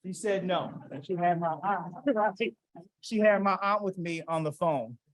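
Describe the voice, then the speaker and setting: A man's voice: high-pitched, unhurried, rough recording. A man in his forties giving an award speech, telling a personal story in a conversational way, acting out family dialogue and asking the audience questions. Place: event hall.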